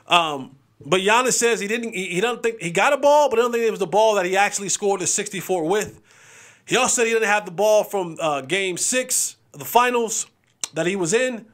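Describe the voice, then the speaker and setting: Lively high-voiced sports show host. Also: male voice, brisk. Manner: animated, chatty, acts out players' lines. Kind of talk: casual sports commentary.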